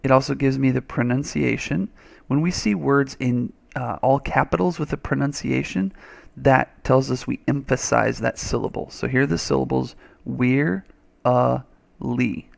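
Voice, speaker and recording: Gravelly-voiced man teaching a reading lesson. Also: medium pitch. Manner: chatty, thinks aloud, playful sound effects. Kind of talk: screen-recorded reading lesson.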